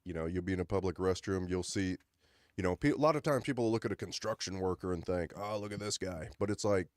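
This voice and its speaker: A man with a lowish voice tells loose, rambling stories on a studio podcast, slipping into voices for the people in them. He is close on the mic, and the sound is dry with no room ring. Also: quick pace, no echo. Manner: rambling anecdotes with acted-out quotes. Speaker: podcast co-host. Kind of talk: casual chat, storytelling.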